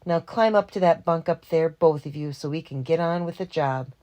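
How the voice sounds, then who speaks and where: A woman's voice: low-pitched, moderate pace, dark tone, natural voice. A woman voicing a male truck hijacker who speaks in an overly polite, formal way.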